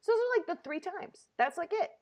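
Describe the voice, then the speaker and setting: A woman in her thirties hosting a comedy talk show, telling a story in an animated, laughing, casual way. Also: very high-pitched, a little fast.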